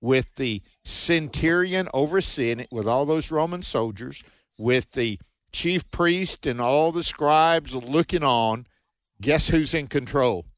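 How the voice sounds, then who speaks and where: A man's voice: medium pitch, slow pace, dry recording. A man co-hosting a Bible teaching radio show, reading scripture aloud and commenting in an earnest, preacherly way.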